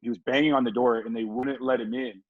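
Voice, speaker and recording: A man from Southern California, a former football player, telling a story as a podcast guest in a relaxed, laughing way, with lots of "like" and casual swearing. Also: medium pitch, fast, a little hiss or hum. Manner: laid-back, laughing, swearing, many fillers like "like". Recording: dull, dry podcast recording.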